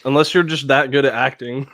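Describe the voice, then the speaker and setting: A man's voice: medium pitch, moderate pace, fairly bright tone, no echo. A man co-hosting a casual podcast chat, laughing through his points and repeating words. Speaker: podcast co-host.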